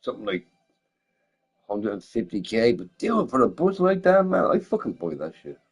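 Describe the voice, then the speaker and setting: Lively, swearing man ranting casually. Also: medium pitch, moderate pace, gravelly, slightly rough, soft background music, rough recording. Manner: profane, laughing often, animated rhetorical questions. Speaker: gaming streamer chatting with viewers. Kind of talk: casual rambling chat.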